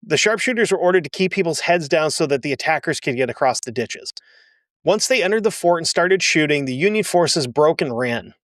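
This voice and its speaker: A man's voice: a little high, animated, brisk, fairly bright tone, no room sound, studio quality. A man hosting a history show, telling the story casually with blunt, sarcastic asides. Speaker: history podcast host.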